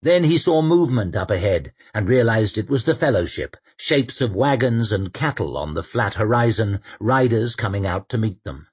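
Husky male audiobook narrator. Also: fairly low pitch, normal speed, hardly any pauses. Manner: steady, dramatic storytelling. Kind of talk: scripted narration.

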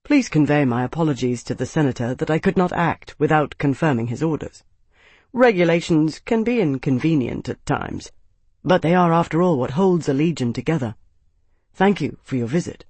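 A man reading an audiobook, voicing a calm young captain who answers with dry, ironic authority. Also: on the high side, normal speed, husky, dry recording.

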